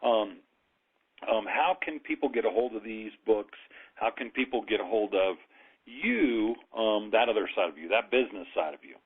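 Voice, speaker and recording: A man's voice: on the low side, expressive, moderate pace, husky. A man hosting a radio talk show, enthusiastic and friendly as he introduces his guest. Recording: tinny phone line.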